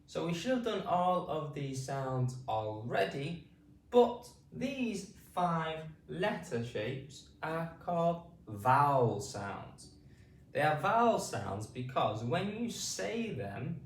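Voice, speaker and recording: Slow British teacher drilling vowels. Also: male voice, on the high side, sing-song, echoey room, recorded from a distance. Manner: drawn-out vowels repeated for learners. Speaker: phonics teacher. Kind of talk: slow spoken pronunciation lesson.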